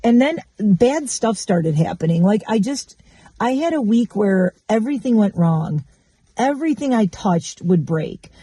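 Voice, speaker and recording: A woman's voice: mid-range voice, big pitch swings, a little slow, mellow, husky, no echo. A woman vlogger in casual chat, talking candidly and bluntly and swearing freely.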